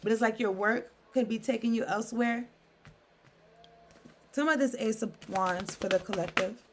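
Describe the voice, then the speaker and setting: A woman runs a casual tarot reading on her own, reading passages aloud and then riffing on them. Her voice sits a little on the higher side. She drops in loose asides and keeps checking in with "okay?". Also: moderate pace, slight background noise. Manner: chatty, reads aloud then riffs with asides; frequent "okay?" and "I don't know" fillers. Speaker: tarot reader.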